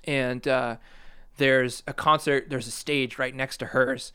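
A man's voice: mid-range voice, level tone, slow, pushed and bright, smooth. A young man casually telling a rambling, self-mocking story, laughing as he goes. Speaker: storyteller guest.

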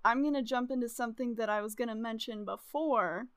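A woman from the United States co-hosting a casual podcast, excitable and rambling, with loud bursts of laughter. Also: a little high, fairly quick. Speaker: podcast co-host.

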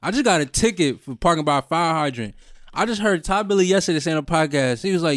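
A man's voice: fairly high pitch, lively intonation, fast, dry recording, clean studio sound. A man co-hosting a casual podcast, laid-back, often giving short agreeing replies. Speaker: podcast co-host.

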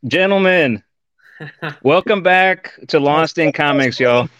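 A man's voice: a little high, slow pace, a bit bright, no room sound, muffled recording. A man from Texas hosting a live-stream comics interview, chatty and enthusiastic. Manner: enthusiastic and chatty, says dude and y'all. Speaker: podcast host.

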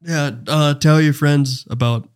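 A young man co-hosting a podcast, giving relaxed, brief replies in casual chat. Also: on the high side, unhurried, clear, resonant tone. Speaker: podcast co-host.

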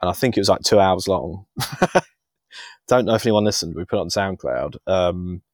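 A man's voice: low voice, normal speed, darkish tone, no room sound, clean studio sound. A man in his thirties co-hosting a podcast in casual chat, rambling and self-deprecating, chuckling often. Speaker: podcast co-host.

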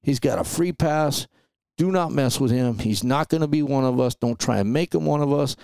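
A man quoting a huge, feared gang leader in a gruff, tough street voice. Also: medium pitch, normal speed, a little mellow, no room sound, voice pushed up, close to an everyday voice. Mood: warning. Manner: tough, warning, street talk.

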